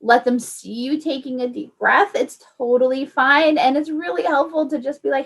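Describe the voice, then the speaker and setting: Chatty woman explaining deep breathing. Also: normal speed, few pauses. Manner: friendly, chatty, many fillers. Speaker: early childhood paraprofessional. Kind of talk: informal parent education talk.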